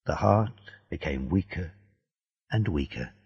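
A man narrating a story in a slow, deliberate storybook reading. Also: deep voice, expressive. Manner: slow, gravelly, dark-toned reading. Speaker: audiobook narrator. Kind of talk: scripted narration of a graded reader. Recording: dull lo-fi dry recording.

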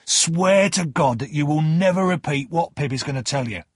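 A man voicing an old male escaped convict, slow, solemn and insistent, with a husky voice. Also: on the high side, expressive, no echo, clean studio sound, voice pushed up.

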